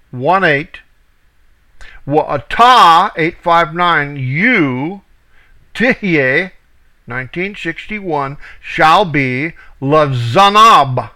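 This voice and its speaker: A man teaching from scripture, reading each verse slowly and deliberately, calling out reference numbers and stressing key words. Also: a little high, pushed and bright, rough recording. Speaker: Bible teacher. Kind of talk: scripture reading with word study.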